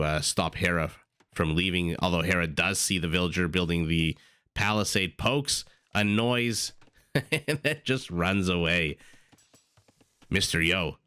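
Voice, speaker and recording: A man with a low, bright, forceful voice calls a strategy game match play by play. He jumps between quick analysis and excited asides. He speaks close to the mic in a dry room. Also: clean tone, dry recording. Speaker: esports caster. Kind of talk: live play-by-play commentary.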